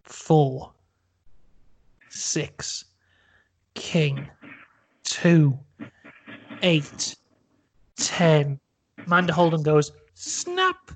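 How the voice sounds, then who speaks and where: A man's voice: fairly high pitch, fairly even intonation, extremely slow, long pauses. Man, podcast host, comic storytelling, rambling, profane.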